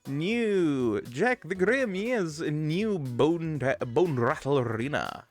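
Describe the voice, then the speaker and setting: Excitable streamer man over faint game music. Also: a little high, slow pace. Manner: chatty, excitable, talks to chat. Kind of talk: live gameplay commentary.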